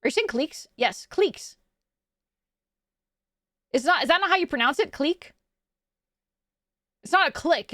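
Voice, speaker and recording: A young woman from Quebec, Canada, chats on a live stream in a high, lively voice. She rambles with fillers and swears casually. The mic is close and the sound is dry. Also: no room sound. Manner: animated, swearing, many fillers.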